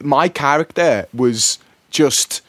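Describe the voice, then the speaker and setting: A man's voice: mid-range voice, slow, fairly bright tone, no echo. A young man telling a rambling story on a radio show, full of fillers and laughs. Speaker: co-presenter. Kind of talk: casual storytelling chat. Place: radio studio.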